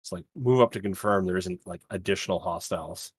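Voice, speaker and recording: A man's voice: deep voice, a little fast, breathy edge, no room sound. A man playing a tabletop game, talking carefully and hesitantly, often repeating words. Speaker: player. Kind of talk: casual tabletop game talk.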